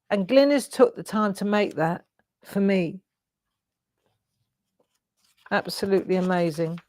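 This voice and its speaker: A woman's voice: medium pitch, moderate pace, dark tone, no echo. A woman in her sixties hosting a craft show, chatty and effusive, gushing over viewers' artwork with storytelling asides. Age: 60s.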